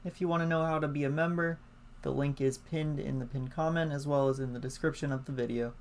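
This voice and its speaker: A man hosting a live gameplay stream, chatty and excitable as he greets viewers. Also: a little high, fast, slight background noise. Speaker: gaming streamer. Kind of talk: live let's-play commentary. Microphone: laptop setup. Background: faint game music.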